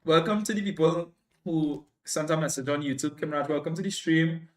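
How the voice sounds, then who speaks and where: A young Trinidadian man telling a funny personal story casually on a livestream, jumping up in pitch when he quotes people. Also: normal speed. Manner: animated, jumps high when quoting people, laughs while telling.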